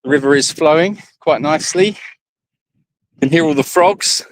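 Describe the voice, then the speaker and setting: A man's voice: fairly high pitch, a little slow, dry recording, rough recording. A man hosting a casual live stream from an animal sanctuary, chatting and rambling as he greets viewers by name while walking around outdoors on his phone. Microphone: phone held in hand.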